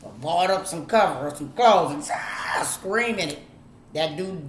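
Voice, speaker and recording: A woman's voice: deep voice, lively intonation, a little slow, echoey room, background noise. A middle-aged woman, giving her viewers blunt, preachy advice in a casual monologue, talking right to them and cursing freely. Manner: preachy and blunt, talks to the audience, drawls, swears. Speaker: vlogger.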